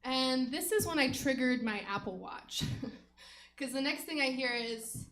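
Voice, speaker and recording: Giggly high bright-voiced woman comic. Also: animated, unhurried. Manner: frank, giggly, self-deprecating storytelling. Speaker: stand-up comic. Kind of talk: stand-up set. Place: comedy theater stage. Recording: echoey stage room.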